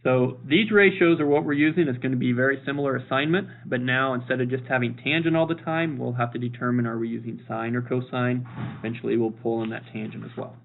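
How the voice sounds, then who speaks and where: A male math teacher talks through a recorded lesson with an upbeat, joking manner, going over each point more than once. His voice has a gravelly, fry-edged texture. The sound is thin and boxy, like a phone line. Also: mid-range voice, fairly even intonation, fast, a little hiss or hum. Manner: upbeat and jokey, repeats key points.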